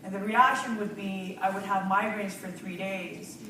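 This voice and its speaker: A woman's voice: mid-range voice, moderate pace. A woman giving a nervous, rambling personal testimonial to a live audience, often laughing and restarting her sentences. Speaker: speaker sharing a personal testimonial. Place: large room before a live audience. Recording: echoey hall, distant mic, audience noise.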